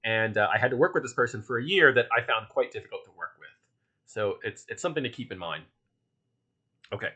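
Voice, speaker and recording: A man's voice: mid-range voice, expressive, quick pace, bright, forceful tone, slightly rough. A man with a Philadelphia accent teaching a casual online workshop, chatty and loose, with lots of fillers and restarts. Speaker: workshop instructor.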